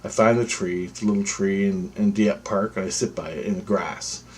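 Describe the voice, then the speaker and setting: A man's voice: low-pitched, fairly even intonation, moderate pace, darkish tone, slightly rough. A man telling a personal story in a rambling, repetitive way, swearing freely. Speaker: vlogger. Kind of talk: casual spoken storytelling.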